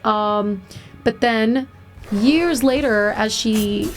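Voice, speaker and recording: Woman streamer rambling thru a story, kinda high and gravelly, faint game music under it. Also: very slow. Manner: frank and chatty, heavy with filler words. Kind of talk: casual storytelling while gaming.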